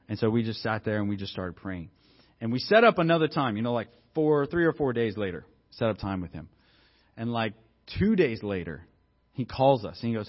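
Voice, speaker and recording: A man's voice: mid-range voice, expressive, normal speed. Man, pastor, sermon, casual storytelling, emphatic, slightly muffled recording. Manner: conversational storytelling that builds to emphatic exhortation.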